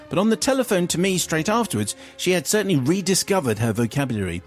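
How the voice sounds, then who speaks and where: A middle-aged male radio host reading a listener's letter aloud in a wry, theatrical way. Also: medium pitch. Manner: wry and theatrical, breaking into laughter.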